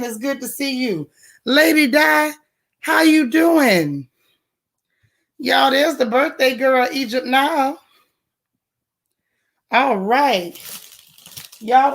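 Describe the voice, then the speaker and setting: A woman hosting a casual morning livestream, her voice sitting a bit higher than most. She is a little hoarse and chats informally, greeting each viewer by name. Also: a bit bright. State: slightly hoarse, voice recovering. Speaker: livestream host.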